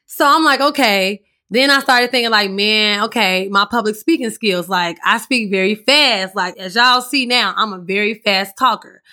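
A woman with a raspy voice hosting her own podcast, telling her story in a candid, chatty way and swearing freely. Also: mid-range voice, normal speed, hardly any pauses, sharp tone. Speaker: podcast host. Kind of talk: casual solo podcast monologue.

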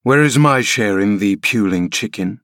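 A man's voice: lowish voice, expressive, normal speed, a bit bright, no room sound, studio quality. A man doing a grim, sneering middle-aged man. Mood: cold. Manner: mocking, contemptuous delivery.

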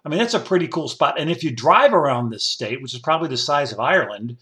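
A man's voice: fairly high pitch, expressive, fast, fairly bright tone. A middle-aged man, hosting a rambling solo podcast in a folksy, digressive, enthusiastic way. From upstate New York. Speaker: podcast host.

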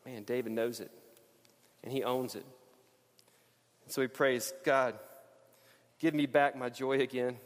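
Impassioned preacher in an echoing hall. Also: male voice, medium pitch, fairly even intonation, unhurried, long pauses. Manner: impassioned, builds to pleading then drops to hushed. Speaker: pastor. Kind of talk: sermon. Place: church sanctuary.

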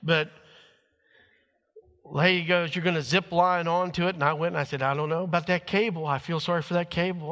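A man's voice: fairly high pitch, fairly even intonation, brisk, a bit bright, long reverb tail. A middle-aged man preaching to his church, telling a family story in a folksy way and acting out what people said. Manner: folksy storytelling, acts out quotes. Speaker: pastor. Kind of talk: sermon with personal stories.

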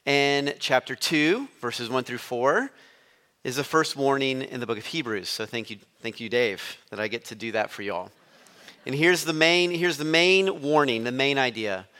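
A man gives a sermon as a visiting preacher. His voice is bright and forceful. He speaks conversationally and leans on storytelling. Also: mid-range voice, moderate pace. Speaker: guest preacher.

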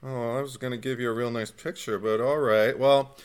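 A man's voice: mid-range voice, fairly even intonation, fairly quick, clean tone, natural voice. A man voicing a creepy male drifter who talks in a wheedling, pushy way.

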